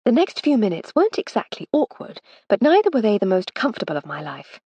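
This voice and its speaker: A woman narrating a cozy mystery audiobook in the first person, measured and storytelling. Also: medium pitch, very animated, a little mellow, slightly rough, dry recording, muffled recording. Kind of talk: scripted narration.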